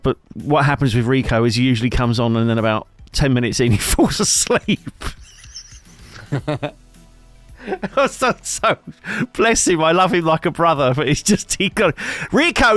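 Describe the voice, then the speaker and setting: A man's voice: medium pitch, dry recording. A man bantering casually on a livestream, reading out chat and joking around. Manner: jokey, rambling, chat-reading. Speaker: streamer co-host.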